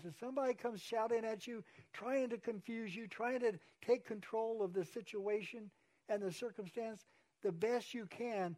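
A man's voice: high-pitched, moderate pace, a little mellow. A man, a pastor, preaching an earnest sermon and repeating key phrases for emphasis.

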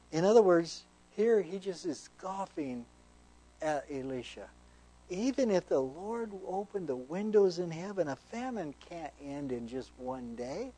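A man's voice: fairly high pitch, dark tone, poor audio. A man, a pastor, teaching a sermon verse by verse, conversational and earnest, reading scripture aloud with emphasis.

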